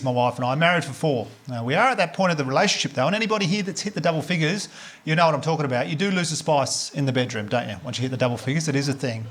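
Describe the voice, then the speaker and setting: A man with an Australian accent works a comedy club stage, his voice a touch high, slipping crude punchlines into dry, deadpan stories. A handheld mic picks him up over loud laughter and crowd noise from the room. The delivery is relaxed and conversational, a stand-up set through and through. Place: comedy club stage before a live audience.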